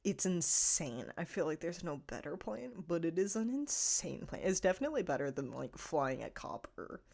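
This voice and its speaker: A young woman talks through a TV episode in a loose, chatty way, her voice sitting a little low. She laughs easily and strings her thoughts together with plenty of "like." She sounds relaxed and conversational, as if catching up with a friend. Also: normal speed, creaky. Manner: chatty, laughs often, many "like" fillers. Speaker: TV episode reviewer. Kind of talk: casual chat.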